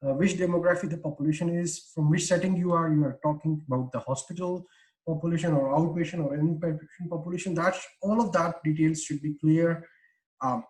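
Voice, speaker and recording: A man's voice: a little high, steady tone, brisk, darkish tone, low-quality recording. Man, webinar lecturer, video call mic, explanatory with restarts. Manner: explanatory, frequent "uh" fillers and restarts. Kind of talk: online research lecture.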